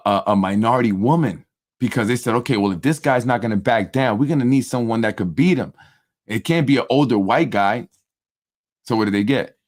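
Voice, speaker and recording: A man hosting a casual political commentary show, animated and repetitive, often asking "right?" and acting out what others said. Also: on the low side. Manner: animated, repetitive, with frequent tag questions; acts out other people's speech in quoted voices. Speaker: political talk show host.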